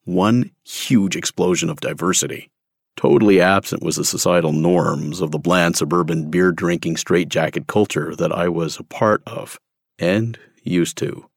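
A man with a very deep, gravelly voice reads his own life story aloud, candid and wry, leaning on key words for emphasis. The sound is dry and close, with no room around it. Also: steady tone, normal speed, no echo. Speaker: memoir narrator. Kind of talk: scripted first-person storytelling.

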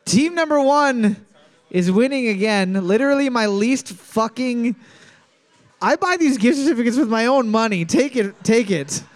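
A man with a notably high voice runs a live trivia night at a bar. He reads the questions and scores in an announcing tone, then slips into quick jokes between them. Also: animated. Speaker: trivia host.

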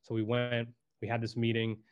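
Here a videographer specializing in personal branding chats as a podcast guest, easygoing and profane, leaning on "dude" and bringing quotes to life with animated voices. His voice is smooth and medium-pitched at a moderate pace, with lo-fi sound.

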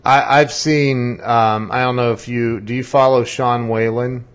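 Male podcast host, mid pitch, halting restarts, animated storyteller. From Ohio, US. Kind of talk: casual interview chat.

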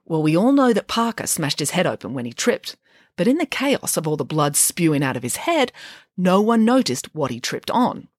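A woman reading aloud and voicing a coolly logical schoolgirl detective who speaks flat and matter-of-fact. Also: lowish voice, normal speed, dry recording, clean studio sound. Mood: deadpan.

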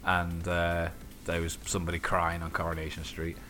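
A man with a low, deep voice chats casually as a podcast co-host. He tells stories in an animated way, swears freely and acts out the people in them. Faint music plays behind him. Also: normal speed. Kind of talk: casual chat.

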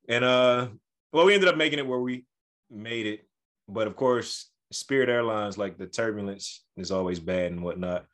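Podcast co-host, male, mid-pitched, animated storyteller who acts out quotes. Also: moderate pace. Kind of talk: casual storytelling.

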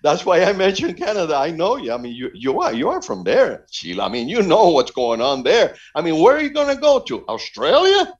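A man from Cuba talks like a preacher, fervent and emphatic. His voice sits high and swings widely up and down as he hammers home each point. The sound is dull and lo-fi, like muffled remote audio. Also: huge pitch swings, fairly quick, few pauses. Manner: fervent, emphatic, repeats phrases for stress. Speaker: evangelist guest. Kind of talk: preaching-style interview talk.

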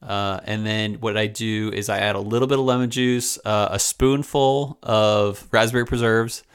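Man, podcast co-host, casual chat, lowish voice, relaxed and joking. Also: normal speed, clean tone. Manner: relaxed, jokey, with hesitant fillers.

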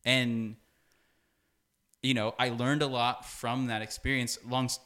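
A young man talks as a podcast guest in a relaxed, storytelling way. He leans on "like" constantly and jumps into quoted voices to act out scenes. His voice sits at an ordinary middle pitch for a man. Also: a little slow. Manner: animated, fills speech with "like", acts out quoted dialogue. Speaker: podcast guest, music producer. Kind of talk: casual storytelling conversation.

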